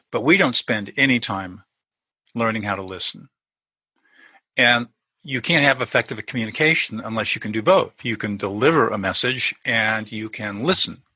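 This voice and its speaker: A middle-aged man speaks as an interview guest, earnest and explanatory, often restarting his sentences. His voice is bright with a husky grain. The sound is dry and close. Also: medium pitch, no echo, low-quality recording. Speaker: guest, lawyer turned peacemaker. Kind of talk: conversational interview.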